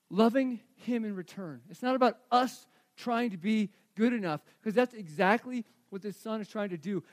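High-voiced animated pastor. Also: male voice. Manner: animated storytelling, swings from hushed to shouting. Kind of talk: sermon.

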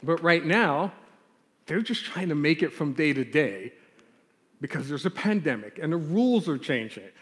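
A man telling a lively childhood story in a sermon and then leading a prayer, acting out the scenes as he goes. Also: a little high, normal speed. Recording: long hall reverb.

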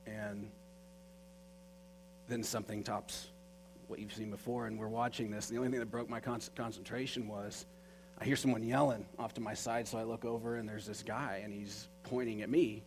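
A man's voice: fairly low pitch, level tone, moderate pace. A man telling a personal story in an earnest, conversational way, with many fillers. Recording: faint mains hum.

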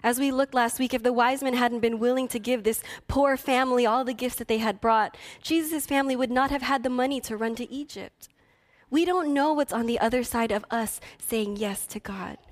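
Woman pastor, slightly high-pitched, earnest sermon delivery with impassioned peaks. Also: normal speed. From Philippines heritage. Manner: earnest storytelling, rising to impassioned preaching.

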